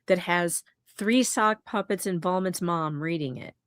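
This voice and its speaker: A woman's voice: lowish voice, unhurried, fairly bright tone, no room sound. A woman joining a casual live stream as a guest, talking in a dry, sarcastic way and mocking people in a put-on news-anchor tone. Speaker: guest co-host.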